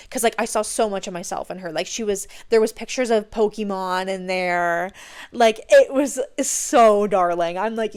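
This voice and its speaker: A young adult woman hosting a podcast, telling stories in a gushing, excitable way with casual swearing. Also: mid-range voice. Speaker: podcast host. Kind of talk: casual chat.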